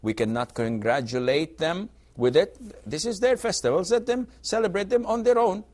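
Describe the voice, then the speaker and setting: A man's voice: sits high, moderate pace. A man answering viewers' religious questions on a call-in TV show, speaking emphatically and acting out quoted exchanges. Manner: lively, emphatic, acts out quoted dialogue.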